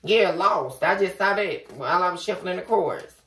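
A woman giving a casual tarot reading, talking straight to the viewer in an animated way and swearing freely. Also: on the low side, moderate pace. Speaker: tarot reader. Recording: echoey room from far off, faint noise.

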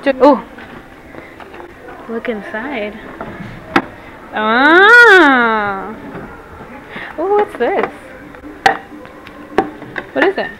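A woman's voice: high voice, sing-song, extremely slow, long pauses. A young woman vlogging while shopping, chatting casually and switching between English and Spanish. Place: large furniture store, indoors. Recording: noisy store background.

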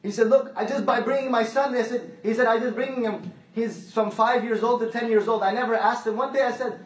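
A male preacher with a very high, steady voice delivers a conversational sermon full of anecdotes, repeating phrases to drive his point home. He talks fairly quickly with hardly any pauses, recorded from a distance in an echoey hall.

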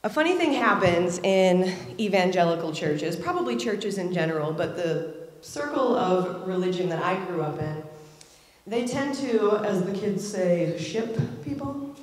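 Woman, thirties, frank reflective storyteller, lower voice, very roomy live-hall sound. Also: animated, moderate pace. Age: 30s. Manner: candid, reflective, acts out quoted voices. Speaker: speaker at a community event. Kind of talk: personal storytelling speech. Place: large event hall. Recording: echoey hall with long reverb.

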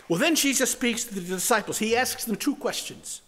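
A man preaching a sermon, moving between strong emphasis and hushed, near-whispered lines. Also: very high-pitched, expressive, a little fast, hardly any pauses, slight background noise. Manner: dramatic shifts from loud to hushed, near-whispered words. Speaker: pastor.

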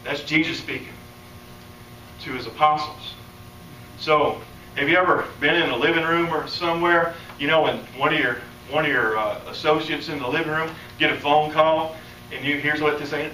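A man preaching a conference sermon, animated and playful, acting out the voices he quotes. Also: a little high, moderate pace. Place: conference hall. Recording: echoey hall, distant mic, faint room noise.

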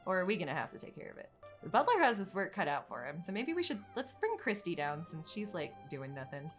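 A woman hosting a casual let's-play, chatting through her game and reacting loudly, swinging from calm narration to panicked dismay. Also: lowish voice, fast, faint music behind. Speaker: gaming channel host.

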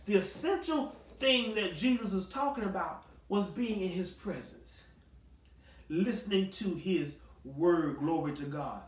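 High-voiced pastor, echoey and distant. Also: male voice, animated, measured pace. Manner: conversational preaching that builds to shouting; acts out scripture voices with sass and humor. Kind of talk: Bible study sermon.

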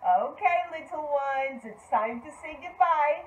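A woman teaching toddlers, speaking in a slow, exaggerated, encouraging way and repeating simple words for them to copy. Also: sits high, lively intonation, echoey room, a little hiss or hum, low-quality recording. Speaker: preschool teacher. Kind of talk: children's lesson.

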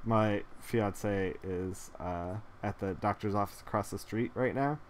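Speaking at a measured pace in a fairly low voice, a man paints digitally on a live stream and chats casually. He rambles with many fillers and laughs at his own jokes, and there is a little hiss or hum on the recording.

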